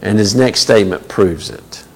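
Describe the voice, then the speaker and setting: A man's voice: on the low side, lively intonation, moderate pace, creaky, darkish tone. A man teaching a Bible study in a conversational way, with many fillers and asides. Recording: long reverb of a large hall.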